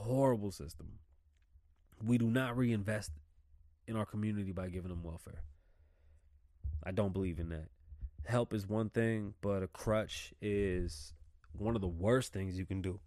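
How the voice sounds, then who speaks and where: A man hosting his own show, talking casually and profanely about politics, getting heated and loud as he rants while sipping a drink. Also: lowish voice, no room sound, clean studio sound. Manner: profane, ranting, heats up and shouts when riled. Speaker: podcast host. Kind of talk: casual opinionated monologue.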